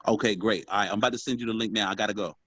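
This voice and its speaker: A man coaching a group on sales, talking in a casual, animated way and calling them y'all. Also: fairly low pitch, very fast, no room sound, dull audio. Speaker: sales trainer. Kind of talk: motivational training talk.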